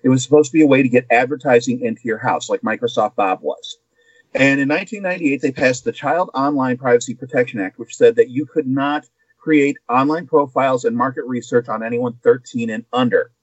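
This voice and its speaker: A man co-hosting a chatty podcast, walking through a news story with plenty of asides. His voice sits at a middle pitch, recorded dry and close on a slightly muffled mic. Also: brisk, dry recording. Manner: explanatory, with asides and filler. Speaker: guest co-host. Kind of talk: casual podcast chat.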